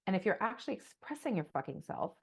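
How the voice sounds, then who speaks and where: Fast-talking and very animated, this woman has a mid-range voice that's creaky and husky. She's a podcast co-host in a casual monologue, rambling with passion, cursing freely, and leaning hard on "like."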